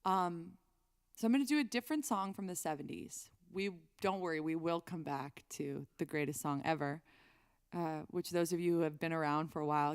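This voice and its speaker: A woman's voice: low-pitched, clean tone. A woman singer-songwriter chatting on a live stream between songs, rambling and reading chat aloud.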